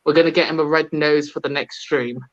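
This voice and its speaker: A man's voice: on the high side, steady tone, brisk, lo-fi sound. A man hosting a live podcast, chatting in a rambling, playful way. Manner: rambling, playful, apologetic wrap-up. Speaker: podcast host.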